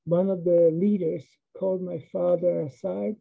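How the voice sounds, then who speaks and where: An older woman telling a personal story slowly and vividly, acting out the dialogue. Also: on the low side, steady tone, creaky. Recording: tinny phone-like sound.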